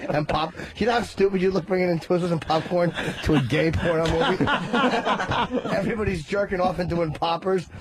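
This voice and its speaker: A man's voice: sits high, moderate pace, a crowd in the background. A radio co-host in a studio, riffing crudely and laughing through his jokes.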